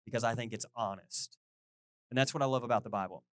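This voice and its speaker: A middle-aged man preaching a casual, conversational sermon as a pastor, chatty and animated, often asking his listeners questions. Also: mid-range voice, quick pace, no room sound, studio quality.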